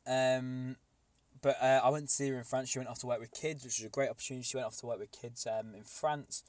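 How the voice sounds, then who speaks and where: A man's voice: medium pitch, fairly even intonation, fast, dry recording. A young man, co-hosting a podcast and telling a long, rambling story with casual swearing. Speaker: podcast co-host.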